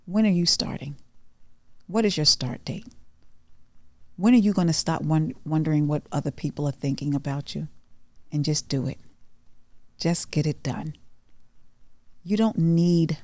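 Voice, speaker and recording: Low, mellow-voiced woman host. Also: dry recording. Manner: earnest, repeats phrases for emphasis. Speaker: podcast host. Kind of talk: motivational monologue.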